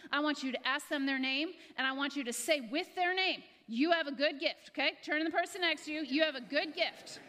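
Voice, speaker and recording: This woman pastor's high-pitched, sharp voice moves fairly quickly with few pauses, and a little hiss or hum is present. Preaching to a live congregation in church, she repeats phrases, exhorts the crowd, and speaks to people by name.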